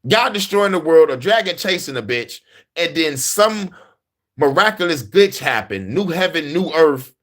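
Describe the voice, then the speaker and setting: A man's voice: fairly high pitch, sing-song, measured pace, fairly bright tone. A man hosting a casual, profane monologue, laughing often and telling stories with animation. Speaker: host.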